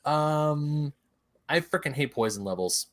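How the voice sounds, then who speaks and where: A man chatting casually as a podcast co-host. His voice sits a little high for a man, and he rambles, trips over his words and laughs at his own mistakes. He keeps it loose and unscripted. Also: lively intonation, unhurried. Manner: rambling, self-correcting, laughs at own slips. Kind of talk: casual chat.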